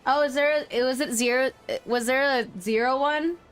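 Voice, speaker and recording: A woman's voice: high-pitched, moderate pace, clear, resonant tone, faint music behind. A woman streamer reading game story narration aloud and chatting with reactions on a live stream.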